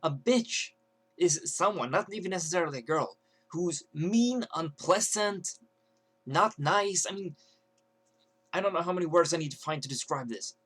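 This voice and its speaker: A young man rants on his vlog in a rambling, unpolished way. He restarts sentences often and fills pauses with "like." His voice sits a little high for a man. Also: expressive, fairly bright tone. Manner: rambling, many fillers and restarts. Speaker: vlogger. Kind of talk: ranting to camera.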